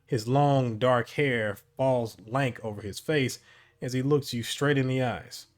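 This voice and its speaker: A man reading an interactive adventure story aloud, narrating at a measured pace and often stumbling and correcting himself. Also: medium pitch. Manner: measured narration with frequent slips and self-corrections.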